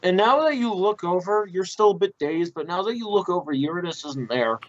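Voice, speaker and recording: A man's voice: high voice, lively intonation, a little fast. Young man running a tabletop game. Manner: casual, swears freely. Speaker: game master. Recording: dull lo-fi mic with faint hiss.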